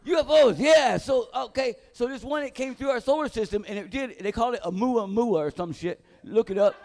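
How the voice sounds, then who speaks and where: A man with a notably high voice performs stand-up in a dive bar comedy room. He rambles through profane, casual stories and keeps losing his place mid-thought. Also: fairly quick, creaky, darkish tone. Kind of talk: live stand-up set.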